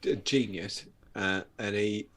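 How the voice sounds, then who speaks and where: A British man hosting a live vape show, chatting casually and telling sweary, lively stories and acting out the people in them. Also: on the low side, unhurried. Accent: British English. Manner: sweary storytelling, acting out other people's voices. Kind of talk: casual chat.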